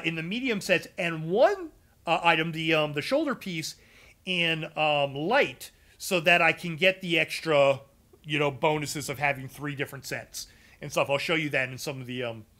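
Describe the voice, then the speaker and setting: A man's voice: a little high, moderate pace, pushed and bright. A man streaming a casual game build walkthrough to his live chat, loose and chatty with lots of ums and uhs. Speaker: gaming streamer explaining a character build.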